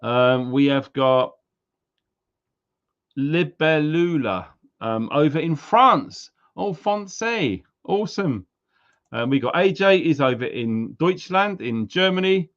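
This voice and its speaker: A man's voice: medium pitch, expressive, takes it slowly, pauses often, smooth, muffled recording. Chatty British man hosting a livestream. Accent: British English. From England. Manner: chatty, greets viewers one by one. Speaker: livestream host. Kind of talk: casual live-stream chat.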